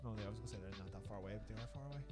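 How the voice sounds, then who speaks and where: A man's voice: fairly low pitch, racing, music in the background. A young man with a Northern Irish accent, co-hosting a live stream with crude, swearing jokes. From Northern Ireland. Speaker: stream co-host. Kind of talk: casual live-stream banter.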